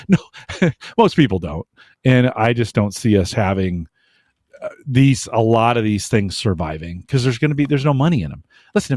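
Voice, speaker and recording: Male co-host, mid-pitch, emphatic and animated, dry studio sound. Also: no echo. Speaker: podcast co-host. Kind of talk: casual podcast chat.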